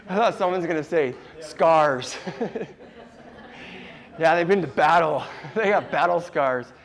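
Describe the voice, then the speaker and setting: Man, slightly high voice, casual workshop presenter, laughs easily, keeps quizzing the crowd. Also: takes it slowly. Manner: chuckly, quizzes the audience often. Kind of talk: casual audience lecture. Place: room with a live audience.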